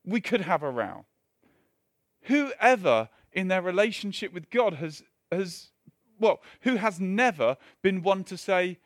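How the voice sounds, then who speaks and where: A man's voice: sits high, very animated, a little slow, no echo, studio quality. A man preaching a sermon in a conversational way, with self-mocking asides and frequent restarts.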